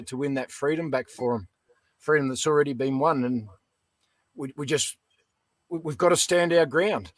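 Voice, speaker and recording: A man's voice: a little high, no echo. A middle-aged Australian man, a veteran guest in a casual interview, talking bluntly and calling everyone "mate". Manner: blunt, folksy, peppered with "mate".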